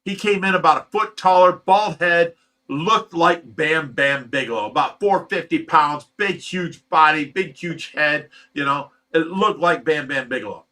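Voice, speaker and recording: A man telling a rough, profane story in casual chat as a host. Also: fairly high pitch, measured pace, sharp tone. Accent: Ohio. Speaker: fish rescue host.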